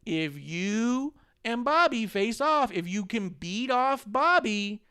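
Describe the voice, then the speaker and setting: A man's voice: extremely high pitch, animated, slow pace, bright, forceful tone, smooth, voice pushed up, heavily acted. A man putting on a mocking impression of a brash, sneering wrestling executive. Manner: mocking, exaggerated.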